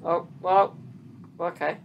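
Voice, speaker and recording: A man's voice: high voice, fairly even intonation, slow, creaky, highs cut off, very noisy. A man with a British accent giving casual, blunt and exclamatory reaction commentary with cheeky banter. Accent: British English. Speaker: video commentator.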